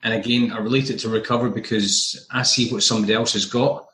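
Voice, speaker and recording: A man sharing in a casual recovery group discussion, earnest and halting with frequent restarts. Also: on the low side, flat delivery, a bit bright, rough recording. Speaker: group member.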